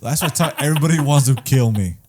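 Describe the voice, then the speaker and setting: A man's voice: mid-range voice, fast talker, darkish tone, a little hiss or hum. A young man co-hosting a casual comedy podcast, joking around in a playful, slangy way with plenty of swearing. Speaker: podcast co-host.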